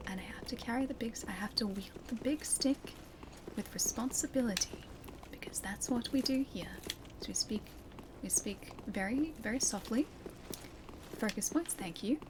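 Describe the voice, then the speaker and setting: A woman in a whispered role-play, doing a hushed, gentle TV painter with a breathy, slow, soothing whisper. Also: mid-range voice, sing-song, background noise, natural voice. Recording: game music playing behind.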